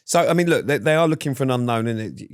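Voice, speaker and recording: A man's voice: medium pitch, fast talker. A British man co-hosting a podcast in casual chat, dry and teasing as he steers the talk. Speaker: podcast co-host.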